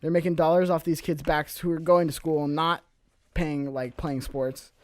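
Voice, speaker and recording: A man's voice: on the high side, flat delivery, moderate pace, dry recording. A man co-hosting a gaming podcast, ranting with heat and swearing often. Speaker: podcast co-host. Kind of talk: casual chat.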